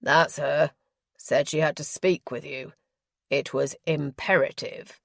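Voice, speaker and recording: A woman's voice: sits low, monotone, extremely slow, creaky, fairly bright tone, breathy edge, no room sound, studio quality, heavily acted. A woman voicing a large, beefy male doorman who speaks brusquely and mockingly. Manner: brusque, curt.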